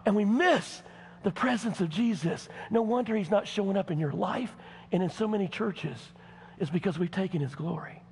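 Fiery Southern pastor in a ringing hall. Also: male voice, high-pitched, normal speed, vocal fry, breathy edge. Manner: folksy, addresses congregation directly, swings from hushed to shouting. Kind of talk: sermon. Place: church. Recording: long church hall reverb.

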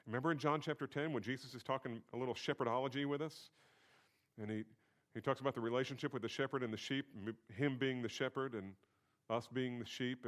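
A male pastor giving a sermon in a conversational teaching manner, stressing points through repetition. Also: medium pitch.

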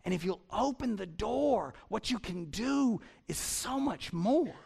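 Man, pastor, sermon, animated, repeats words, high pitched, gravelly. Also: a little slow. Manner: animated, repeating himself as he builds points.

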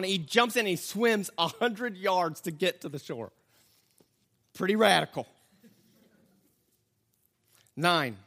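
A man preaching a sermon in a conversational style, telling the story with animation and breaking off to restart sentences. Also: high voice. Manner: animated storytelling, acting out the characters. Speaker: pastor.

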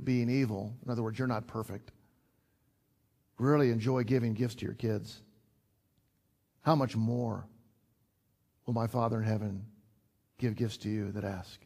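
Older man, pastor, conversational sermon, earnest, average pitch, repeats himself. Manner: conversational, earnest, with repetitions and sudden emphatic rises.

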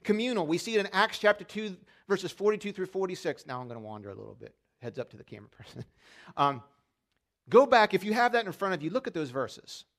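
A man's voice: sits high, very animated, fast talker, a bit bright. A man preaching a conversational sermon as pastor, asking the congregation questions and telling stories with humor. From Pennsylvania. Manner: storytelling with humor. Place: church sanctuary during a service.

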